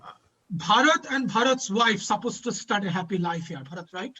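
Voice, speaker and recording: Male panel host, high bright voice, emotional, dull lo-fi audio. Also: animated, moderate pace, husky. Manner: emotional, repeats lines for emphasis. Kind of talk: impassioned advocacy speech.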